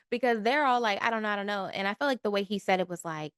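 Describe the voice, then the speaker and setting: A woman's voice: a little high, fairly quick, no room sound, studio quality. A woman co-hosting a podcast, chatting casually about a movie and acting out quotes from it. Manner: conversational, laughs easily, acts out quotes. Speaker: podcast co-host. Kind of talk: casual movie recap chat.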